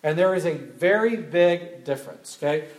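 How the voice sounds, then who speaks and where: Animated man lecturing in an echoey hall. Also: fairly high pitch, normal speed. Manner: animated, rhetorical questions, emphatic repetition. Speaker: speaker teaching an audience. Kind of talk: live talk with call-and-response. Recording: echoey room.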